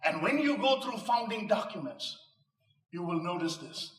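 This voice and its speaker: A man's voice: high voice, animated, normal speed, fairly bright tone. Man, inspirational speech, rhetorical, punchline humor, echoey room, distant mic. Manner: emphatic, rhetorical, with punchline jokes. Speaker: motivational speaker. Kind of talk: inspirational speech to a live audience. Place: live venue before an audience.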